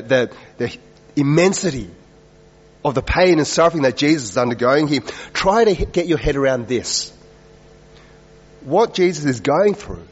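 Earnest and medium-pitched with a husky edge, this male preacher presses his sermon with rhetorical questions, his emphasis rising and falling, sometimes sinking into slow, quiet lines. The audio is slightly dull and muffled, with long large-hall reverb.

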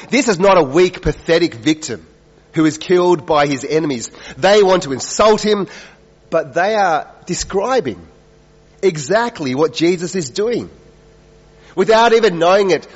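A male preacher delivering an earnest sermon, pressing his points with rhetorical questions and dropping to slow, quiet lines. His voice carries the long reverb of a large hall. The sound is a little dull and muffled. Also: mid-range voice. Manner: earnest, rising and falling emphasis with rhetorical questions.

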